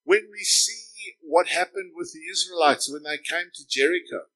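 Bright-voiced man preaching a sermon. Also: fairly high pitch, moderate pace, low-quality recording. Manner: storytelling, building to loud emphatic proclamations. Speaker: pastor. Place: church service.

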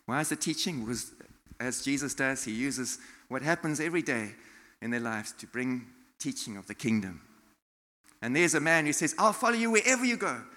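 A man from South Africa preaching a sermon in a church, animated, acting out quotes and laughing often. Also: medium pitch, moderate pace. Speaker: pastor. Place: church hall. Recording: long hall reverb.

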